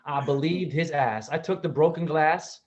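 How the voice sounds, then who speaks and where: A man's voice: fairly high pitch, moderate pace, highs cut off. A man telling funny childhood stories on a podcast, acting out the voices of the people in them. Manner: theatrical, acts out voices in his stories. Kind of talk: animated comic storytelling.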